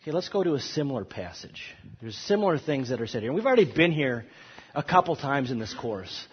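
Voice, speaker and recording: A man's voice: mid-range voice, sing-song, fast, breathy edge. Emphatic man teaching scripture, echoey hall. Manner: emphatic, rising on quoted scripture, with restarts. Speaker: Bible teacher. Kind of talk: classroom Bible lecture. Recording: dull audio in a long-echo hall.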